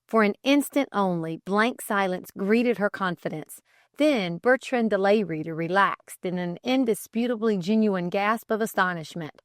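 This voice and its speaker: A woman narrating an old-fashioned story as an audiobook, in an expressive, theatrical manner. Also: mid-range voice, moderate pace, no echo, studio quality.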